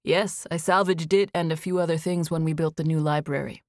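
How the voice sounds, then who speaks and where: A woman narrator voicing a calm, gentle man around thirty in audiobook dialogue, speaking in an even, measured way. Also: sits low, no room sound, studio quality.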